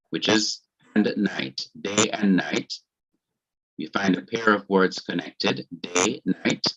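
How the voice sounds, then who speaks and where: A man with a Jamaican accent teaching a Hebrew grammar class, explaining each point slowly, patiently and carefully. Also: deep voice, fairly bright tone, low-quality recording.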